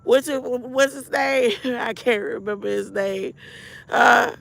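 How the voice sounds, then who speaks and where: A woman's voice: a little high, slow, gravelly, fairly bright tone, dry recording. A woman hosting a livestream, rambling and preachy, talking back to her chat and reciting spiritual affirmations. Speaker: livestream host.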